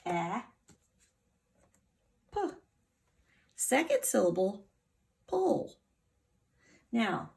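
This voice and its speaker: Slow, gravelly woman teaching phonics. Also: mid-range voice, darkish tone. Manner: slow, patient, sounds words out syllable by syllable. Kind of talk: phonics lesson for children.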